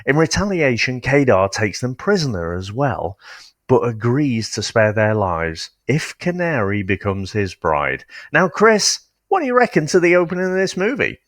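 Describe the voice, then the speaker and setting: A man's voice: medium pitch, normal speed, dry recording. A man co-hosting a podcast, recapping a film's plot in casual chat and laughing often. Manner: laughs often, animated storytelling. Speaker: podcast co-host. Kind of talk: casual film review chat.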